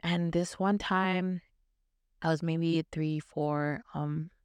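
A woman's voice: sits low, steady tone, slow pace, a little mellow, smooth, dry recording. A woman hosting a casual faith podcast, chatty and rambling with fillers. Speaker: podcast host.

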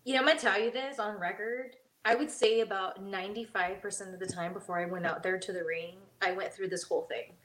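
A woman, a former wrestler and podcast co-host, telling stories in a casual chat, lively and acting out the voices of the people she quotes. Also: fast talker, few pauses, slight background noise. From Mexican heritage. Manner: animated, acts out quoted voices with big pitch jumps.

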